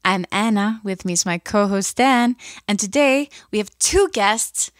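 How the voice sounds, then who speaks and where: A woman hosting an interview show, chatting in a lively way and laughing with her guests. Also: mid-range voice, a little slow, no echo. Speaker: host. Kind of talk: casual interview chat.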